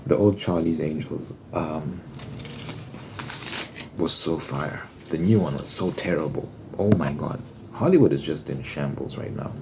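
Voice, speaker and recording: A man's voice: a bass voice, unhurried. A young man who makes ASMR videos, chatting casually and rambling, with unfiltered asides and the odd swear word. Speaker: ASMR creator. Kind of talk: casual ASMR chat over tapping. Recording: clear background noise. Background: tapping and card shuffling noise.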